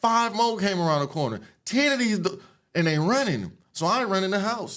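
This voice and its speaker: A man from the Los Angeles area, a podcast guest retelling his past in an animated, streetwise, profane way. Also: high voice, fairly quick, soft background music. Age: adult, after an 18-year sentence. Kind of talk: casual storytelling interview.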